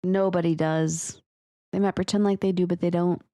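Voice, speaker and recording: A woman's voice: on the low side, normal speed. Chatty young woman co-hosting a podcast. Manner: chatty and animated, laughs often, speeds up when telling anecdotes. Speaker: podcast co-host. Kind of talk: casual chat about submitted stories.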